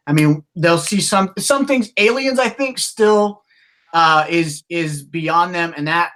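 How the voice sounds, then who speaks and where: Bright, higher-pitched male podcast host. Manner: halting storytelling with many restarts; animated, acts out quotes. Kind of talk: casual podcast chat.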